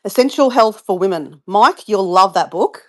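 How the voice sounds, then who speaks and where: On a live stream, a middle-aged Australian woman talks through her morning routine in a rambling, chatty way, often drifting off topic to greet viewers and reply to their comments. Her pitch is in the middle range for a woman, and she sounds animated at a normal speed.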